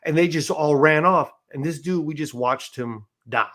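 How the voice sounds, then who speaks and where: A man's voice: fairly high pitch, moderate pace, a bit bright. A man as an interview guest, recounting experiences in a loose, conversational way, often checking in with "right?" and restarting his sentences. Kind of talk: casual storytelling interview.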